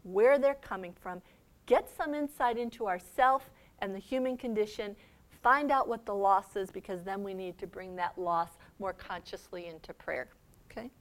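A middle-aged woman giving a faith seminar talk, conversational and quick to laugh, often checking in with "okay?". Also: medium pitch. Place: seminar room.

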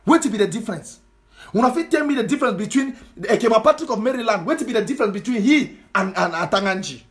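A man's voice: sits high, animated, fast, a bit bright, faint music behind. A man with a Cameroonian Pidgin English accent delivering an impassioned social media monologue, scolding his audience with repeated rhetorical questions. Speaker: political commentator.

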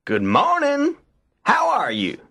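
A man voicing a small, friendly male rabbit in a storybook reading, with a high, squealing, pleading voice. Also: wildly swooping pitch, takes it slowly, gravelly, bright, forceful tone, exaggerated voice.

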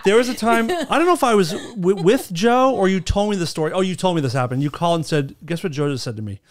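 A man's voice: high voice, lively intonation, fast. A man hosting a podcast, trading crude shock jokes in casual banter. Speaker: podcast host. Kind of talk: casual comedic chat. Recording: noisy podcast recording.

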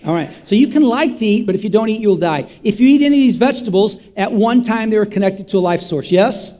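A man's voice: high voice, expressive, quick pace, dark tone. A man preaching an interactive sermon to his church, folksy and repetitive, quizzing the congregation call-and-response style. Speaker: pastor.

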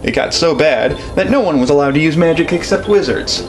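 Man doing a cocky little war-magic master, smug, lecturing, pitched up a touch, faint game music behind. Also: expressive, fairly quick, close to an everyday voice.

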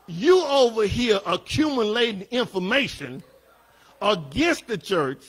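A man, a pastor teaching a Bible study lesson, emphatic, repeating his phrases and rising at times to a shout. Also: high voice, big pitch swings, a little slow, breathy edge. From Southern United States.

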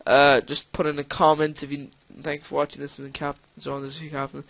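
A man's voice: fairly high pitch, fairly even intonation, moderate pace, vocal fry, hardly any pauses, fairly bright tone, no echo. A man commentating his own gameplay, frustrated, swearing often and laughing at his failures. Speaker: gaming channel host.

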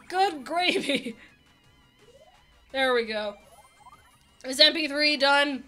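A young woman giving casual, excitable game commentary and chatting to the characters on screen. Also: high-pitched, takes it slowly, long pauses, soft background music. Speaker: let's play host.

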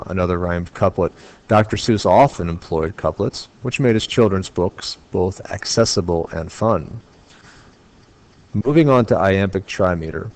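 A man's voice: low voice, darkish tone. An American man as a teacher, explaining poetry homework step by step and tapping out the stressed beats aloud.

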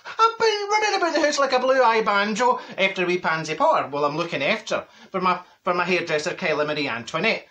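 Man playing a chatty older Glaswegian woman, rambling gossip, bright voice, sing-song delivery. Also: high-pitched, big pitch swings, brisk, hardly any pauses, exaggerated voice. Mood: gossipy. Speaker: comic character monologue. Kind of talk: character comedy monologue.

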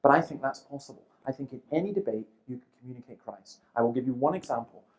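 Man in his fifties telling lively anecdotes. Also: mid-range voice, fast talker, low-quality recording. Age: 50s. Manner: lively storyteller who acts out quoted people, with dry humour. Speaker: seminar speaker. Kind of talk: seminar talk with anecdotes.

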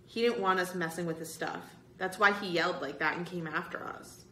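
A woman's voice: on the low side, fairly even intonation, a little fast, sharp tone, a little hiss or hum. Woman doing a whiny, insistent young boy. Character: excitable boy, middle-school age. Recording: roomy echo.

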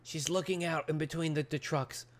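A man co-hosting a casual podcast, excitable and profane, pitch jumping up when outraged. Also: moderate pace. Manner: excitable, swears a lot, swings pitch up in outrage. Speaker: podcast co-host.

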